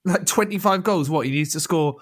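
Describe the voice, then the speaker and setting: A young man, co-hosting a casual football podcast, animated and swearing freely. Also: on the high side, brisk, slightly rough, no room sound, studio quality. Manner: animated, swears, laughs often. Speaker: podcast co-host.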